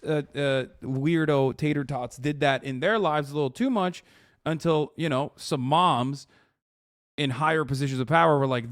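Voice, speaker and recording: A man in his thirties, a streamer reacting to clips with an exasperated, swearing rant. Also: a little high. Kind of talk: casual reaction commentary.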